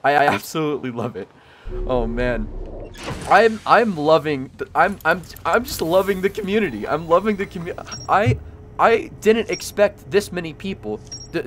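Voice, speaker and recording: A young man giving casual let's-play commentary, excitable and stammering over restarts, yelping when startled. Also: a little high, a little hiss or hum. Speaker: gaming YouTuber.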